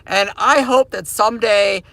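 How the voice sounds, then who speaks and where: A man rants to his viewers from his parked car, hammering the same points over and over like a preacher. His voice sits high and bright with a gravelly edge. The sound is close and dry. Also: a little slow, no room sound. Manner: repetitive, emphatic, preachy. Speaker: crypto mining channel host. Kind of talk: casual ranting monologue to viewers.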